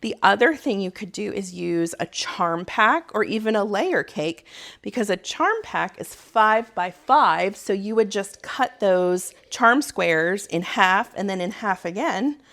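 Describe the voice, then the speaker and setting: A woman's voice: mid-range voice, expressive, measured pace, a bit bright. A woman in her thirties with a Southern US accent, hosting a casual sewing tutorial from her home sewing room, chatty and rambling with frequent laughs. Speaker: sewing channel host. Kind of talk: casual sew-along tutorial.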